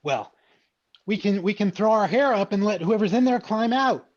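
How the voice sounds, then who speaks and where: A man's voice: sits high, moderate pace. A man improvising a cheerful, bubbly fairy-tale princess with a gushing manner, over dull lo-fi call audio. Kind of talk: online improv comedy.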